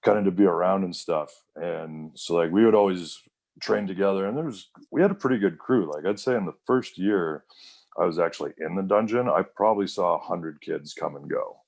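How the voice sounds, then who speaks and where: A man's voice: deep voice, a little fast, creaky, a little mellow. A man in his thirties, a wrestler guest, telling rambling stories in a casual interview, full of fillers and quoted voices.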